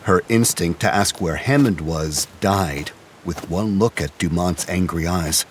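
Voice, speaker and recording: A man narrating an audio drama in a measured storytelling way. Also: deep voice, slight background noise.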